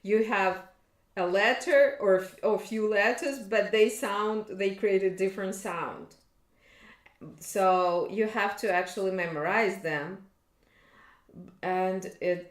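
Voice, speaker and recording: A woman teaching an online language lesson, slowly and patiently reading words aloud for learners. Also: mid-range voice, roomy sound.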